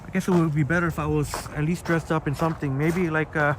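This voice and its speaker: A man's voice: fairly high pitch, flat delivery, fast. A Canadian man live-streaming on his phone while walking park trails, chatting casually and reading out viewer comments with many fillers. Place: outdoor nature trails in a park. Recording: outdoor noise behind voice.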